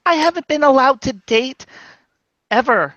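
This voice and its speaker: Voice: high voice, lively intonation, measured pace, a bit bright, no echo. Rambling flustered player, dull dry sound. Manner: rambling, flustered, repeats words. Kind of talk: tabletop role-play, in character.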